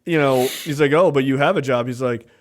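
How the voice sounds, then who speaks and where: A man co-hosting a casual film review podcast, retelling scenes in an animated way with many fillers. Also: mid-range voice, fairly quick, slight background noise. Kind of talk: casual chat.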